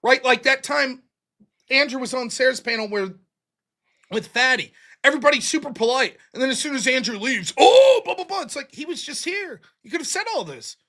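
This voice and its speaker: High, animated, profane male streamer. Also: brisk. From United States. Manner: animated ranting, profane, mimics others mockingly. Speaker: host. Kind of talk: casual livestream debate chat.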